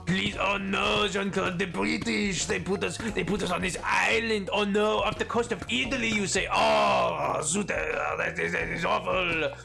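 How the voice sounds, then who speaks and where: A man's voice: high voice, fairly even intonation, a little slow, vocal fry, few pauses, pushed and bright, soft background music, heavily acted. Man putting on a pompous exiled French emperor. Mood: mock despair. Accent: intentionally bad French accent. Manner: languid, mock-dramatic sighing.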